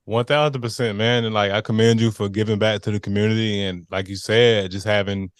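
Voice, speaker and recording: Smooth, low-voiced podcast host. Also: male voice, steady tone, no echo, clean studio sound. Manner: affirming, quick, casual with "man" and "like". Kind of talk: casual interview chat.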